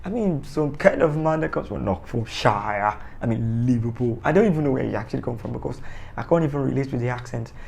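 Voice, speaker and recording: Rambling gravelly man reviewing a show. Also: mid-range voice, fairly quick, darkish tone. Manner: rambling, joking, self-correcting. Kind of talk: casual spoken review.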